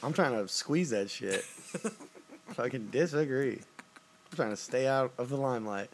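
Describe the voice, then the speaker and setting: A man's voice: mid-range voice, expressive, unhurried, gravelly, slight background noise. A man chatting casually with a co-host, blunt and profane, laughing often and acting out the people he quotes. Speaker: podcast co-host answering a personality quiz. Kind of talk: casual chat.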